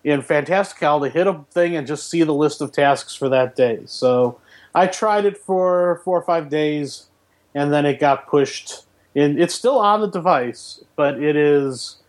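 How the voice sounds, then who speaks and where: A man with a somewhat high voice talks through his tech habits in casual podcast chat. He is animated and wry and pokes fun at himself. The tone is relaxed and conversational. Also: a little slow. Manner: animated, wry and self-mocking. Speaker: podcast co-host, professor.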